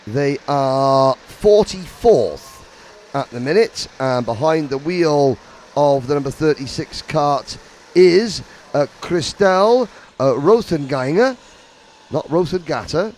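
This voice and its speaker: A man's voice: a little high, animated, slow, darkish tone, a little hiss or hum, poor audio. A middle-aged man giving live, rambling, self-deprecating commentary on an endurance kart race.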